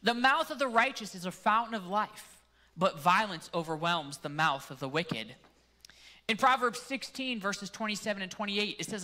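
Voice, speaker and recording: Male pastor with a Canadian accent, bright and forceful, relaxed and jokey in the pulpit. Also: high-pitched, normal speed. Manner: casual, joking asides. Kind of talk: sermon.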